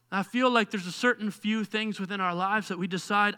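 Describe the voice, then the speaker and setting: A young male pastor preaching a sermon, animated and acting out dialogue as he tells a story. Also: high-pitched, fairly quick, clean tone.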